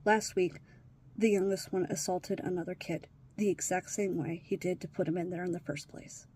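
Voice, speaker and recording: A woman vlogger records an emotional personal vlog on her phone during a hard day, distressed, sighing and swearing and often dropping to a whisper. Her voice is fairly low and darkish, with fairly even intonation, a moderate pace, and slight background noise.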